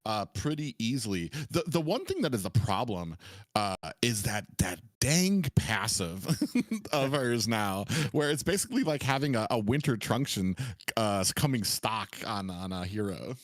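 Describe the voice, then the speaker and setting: A man's voice: fairly low pitch, big pitch swings, unhurried, dry recording. A man casting a live esports match, rambling with many fillers and chuckles. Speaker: esports caster.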